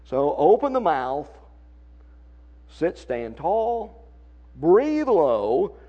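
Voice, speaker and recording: With a fairly high, warm, sing-song voice and drawn-out words, a man with a Southern accent teaches his church congregation how to sing. As their song leader he is folksy and encouraging, demonstrating techniques, in a muffled lo-fi workshop recording.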